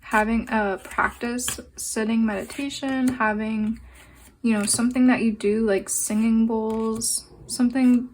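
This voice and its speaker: A young adult woman giving a pick-a-card tarot reading, speaking gently and meandering with fillers and pauses. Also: fairly high pitch, fairly even intonation, slight background noise. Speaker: tarot and oracle card reader.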